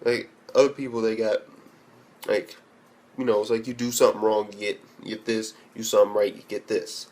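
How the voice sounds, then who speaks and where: A man's voice: lowish voice, little pitch movement, brisk, darkish tone. A young man ranting bluntly and profanely in an anime review, rambling with restarts. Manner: profane and blunt, heavy swearing.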